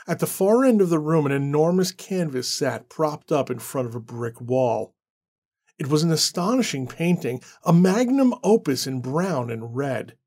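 A man narrating a horror story in a measured, dramatic way. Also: a little high, darkish tone.

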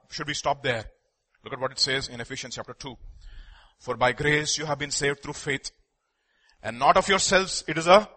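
A man preaching a sermon, reading scripture aloud and questioning his listeners, swinging between loud declarations and hushed confiding. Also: fairly high pitch. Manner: reads scripture aloud, asks the congregation questions.

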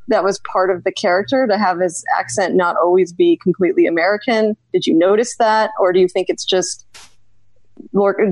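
A woman's voice: medium pitch, a little mellow, dry recording, rough recording. Hesitant woman caller on a live show. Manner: hesitant, searching for words. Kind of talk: casual call-in chat.

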